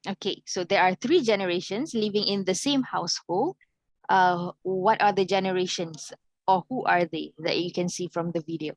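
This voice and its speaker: A woman's voice: on the low side, moderate pace, no room sound, low-quality recording. A young adult woman teaching an adult English class, patiently asking questions and checking that her students follow.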